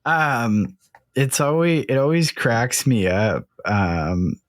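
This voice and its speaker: A Canadian man with a mid-pitched voice talks in a loose, rambling way as a podcast co-host. He thinks aloud as he goes. The recording is dry and close. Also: lively intonation, slow pace, dry recording. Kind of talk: casual chat.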